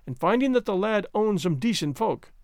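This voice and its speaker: A man voicing a bold, proud Highland gentleman who speaks in a wry, formal, stiff-necked way. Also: lively intonation, normal speed, dry recording, studio quality.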